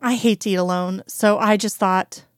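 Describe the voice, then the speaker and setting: A woman's voice: fairly even intonation, moderate pace, clear, resonant tone, dry recording, lightly acted. Woman doing a chatty southern lady, pushy but friendly, dry close sound. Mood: flustered. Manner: bubbly, insistent, higher-pitched.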